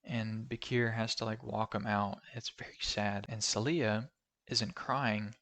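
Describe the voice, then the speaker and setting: A man casually talking through a film's plot in a rambling review, full of fillers and sudden loud exclamations. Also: on the low side, steady tone, unhurried. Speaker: movie reviewer. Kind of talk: casual spoken film review.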